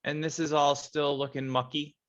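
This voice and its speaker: A man's voice: a little high, flat delivery, normal speed, fairly bright tone, muffled recording. A man playing a tabletop game, thinking aloud and planning his moves step by step. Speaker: player.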